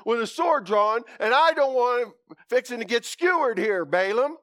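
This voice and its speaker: A man's voice: very high-pitched, animated, moderate pace, a bit bright, no room sound, clean studio sound, voice pushed up. A man preaching, voicing a stubborn talking donkey in a folksy, complaining tone.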